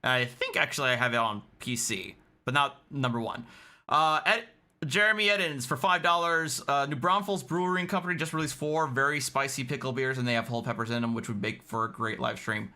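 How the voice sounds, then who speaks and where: A man's voice: medium pitch, sharp tone. A man hosting a channel, chatting casually and reading out viewer messages. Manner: quick, chatty, apologetic asides. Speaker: commentary channel host.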